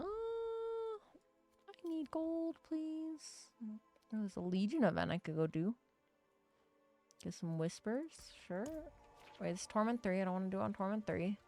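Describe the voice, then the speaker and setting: A woman's voice: fairly low pitch, gravelly, darkish tone. A young woman streaming a game, chatting casually and jokingly to herself and her chat, swearing freely. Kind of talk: live gaming stream chatter.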